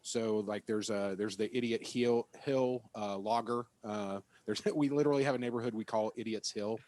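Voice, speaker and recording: A man co-hosting a casual chat, talking in a relaxed, halting way. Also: lowish voice, no room sound. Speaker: podcast co-host.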